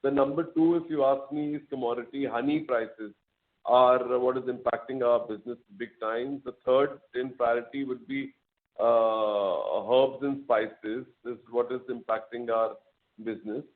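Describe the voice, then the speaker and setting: A man, a company executive explaining results to analysts in a measured way, with frequent fillers. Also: medium pitch, steady tone. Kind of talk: earnings call answers. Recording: tinny phone line.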